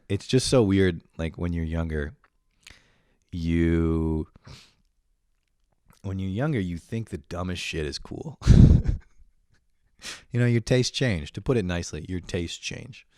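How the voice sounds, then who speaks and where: A man's voice: low voice, unhurried, long pauses, a little mellow, clear, resonant tone, dry recording, studio quality. A young man in a profane comedic rant, swearing constantly and sounding exasperated as he complains. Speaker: comedic vlogger.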